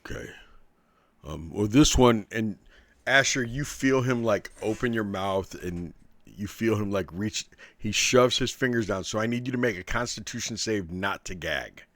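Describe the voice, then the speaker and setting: A man with a very low, deep voice runs a tabletop game, setting scenes and calling for dice rolls. He speaks haltingly and with care. The sound is dry and close. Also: a bit bright, no room sound. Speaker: dungeon master.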